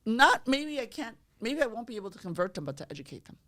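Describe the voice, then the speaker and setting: A woman, a real estate agent chatting on a podcast, loud and energetic, acting out both sides of her phone calls. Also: on the high side, quick pace. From the Bronx, New York. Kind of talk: casual podcast chat.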